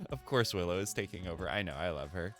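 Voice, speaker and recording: A male streamer's casual chat, recorded on a desk mic at home. His voice is bright and his pitch swings widely as he rambles, curses lightly and makes fun of himself. Faint music sits underneath. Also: fairly quick. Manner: animated, rambling, swears, self-deprecating. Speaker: live streamer. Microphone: desk microphone through a mixer.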